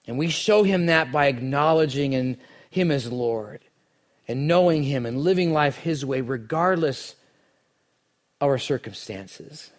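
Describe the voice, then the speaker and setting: A man preaching a sermon, telling the story dramatically and swinging from hushed lines to near shouts. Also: medium pitch, unhurried. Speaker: pastor.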